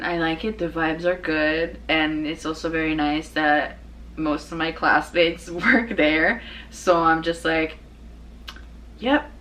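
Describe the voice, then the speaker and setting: A young woman hosting her own show, chatting casually in a rambling way, full of fillers and restarts and quick to laugh. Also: deep voice, fairly bright tone, poor audio. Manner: laughs easily. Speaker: podcast host. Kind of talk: casual personal chat.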